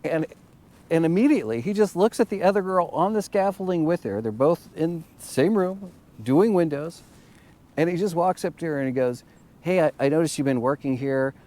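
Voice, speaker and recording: A man giving a casual motivational monologue, halting and repeating words as he searches for them. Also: a little high, expressive, mellow. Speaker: motivational vlogger.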